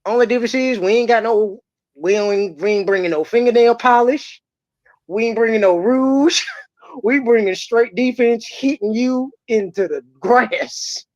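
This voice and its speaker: A podcast host, ranting about football in loud, mocking trash talk. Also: mid-range voice, a little slow, no echo. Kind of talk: heated sports podcast talk. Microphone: remote streaming mic. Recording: dry, slightly muffled audio.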